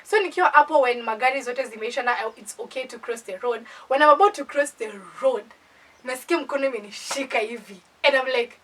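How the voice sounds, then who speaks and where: Young Kenyan woman, animated storyteller, husky and sharp, mic set a bit far. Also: high-pitched, fast. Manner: animated, playful, dramatizes with acted asides. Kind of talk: casual storytime chat.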